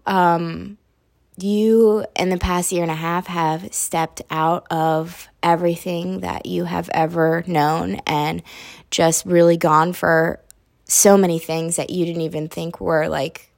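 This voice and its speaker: A woman's voice: lowish voice, little pitch movement, takes it slowly, creaky. A young woman hosting a podcast, talking casually and emotionally, laughing through tears and swearing freely. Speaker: podcast host.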